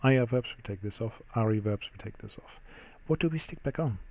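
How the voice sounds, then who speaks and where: A middle-aged man teaching French grammar in a steady, explanatory way, pausing often with ums. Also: medium pitch. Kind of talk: classroom-style grammar lesson.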